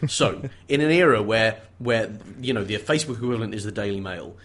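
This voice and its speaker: Male co-host, husky and low, dry joker. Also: expressive, fairly quick, fairly bright tone. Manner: wry, joking, playful sarcasm. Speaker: podcast co-host. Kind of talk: casual chat about a mystery novel.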